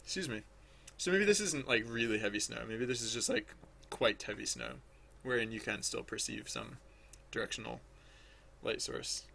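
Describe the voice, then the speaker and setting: A man's voice: medium pitch, moderate pace, gravelly, sharp tone, a little hiss or hum. A man thinking aloud as he draws on a livestream, rambling and hesitant, full of restarts, chatting with viewers. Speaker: livestreaming digital artist.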